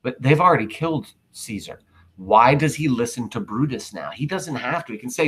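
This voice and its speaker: A man's voice: medium pitch, animated, normal speed, a bit bright, slightly rough, rough recording. A male teacher explaining a play in a chatty way, with asides and rhetorical questions to his students. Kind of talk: classroom literature lesson.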